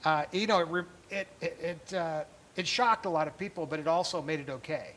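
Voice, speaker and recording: Guy co-hosting, rambly and chatty, kinda high voice, slight hiss. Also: brisk, fairly bright tone, rough recording. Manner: conversational, rambling, with filler words. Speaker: co-host. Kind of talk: casual interview conversation.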